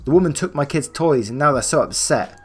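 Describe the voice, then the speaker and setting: A man's voice: a little high, expressive, brisk, husky, faint music behind, pitched above the performer's own voice. A man voicing an entitled, demanding mother who raises her voice and accuses others. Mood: indignant.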